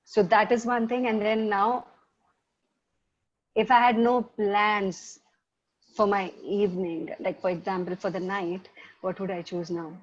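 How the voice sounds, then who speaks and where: A woman's voice: medium pitch, level tone, measured pace, long pauses. Rambling woman facilitator. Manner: rambling, full of "like" and restarts. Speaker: webinar facilitator. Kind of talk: informal motivational talk. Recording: dull lo-fi webinar audio.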